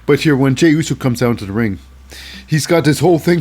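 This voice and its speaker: A man's voice: medium pitch, expressive, brisk, a little mellow. A man hosting a casual wrestling show recap, rambling with lots of fillers and hyping things up with "baby".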